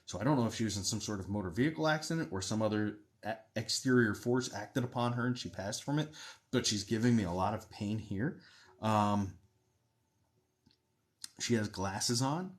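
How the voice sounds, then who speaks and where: A man hosting a live stream as a psychic medium, chatting with viewers, thanking them and describing what he senses in a steady, explanatory way. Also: lowish voice, moderate pace. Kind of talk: casual live-stream chat with readings.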